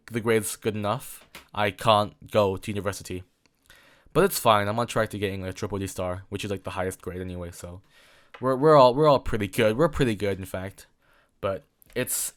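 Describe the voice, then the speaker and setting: A young man in his late teens from England, hosting a solo chat show. His voice sits on the low side, and he rambles, stumbles over his words, and fills gaps with "like" and "um". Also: a bit bright. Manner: rambling, repeats words, many fillers. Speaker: podcast host.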